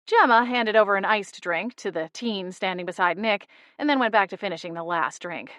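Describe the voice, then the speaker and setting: A woman narrating a first-person cozy mystery audiobook in a wry, lively storytelling manner, on a close studio mic. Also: mid-range voice, normal speed, no room sound.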